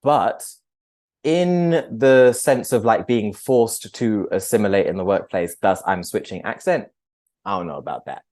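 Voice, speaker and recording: A man's voice: fairly low pitch, expressive, a little slow, a little mellow. A man, a podcast guest, talking earnestly and reflectively in a conversational interview, with frequent fillers. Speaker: podcast guest, agency founder.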